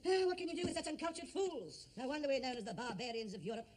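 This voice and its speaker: A man's voice: extremely high pitch, animated, fast, a little hiss or hum. A man playing a vain, blustering actor who thinks himself a great Shakespearean star, in old radio comedy. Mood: indignant. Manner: grandiose, self-important, bluster. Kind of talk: 1950s radio comedy acting.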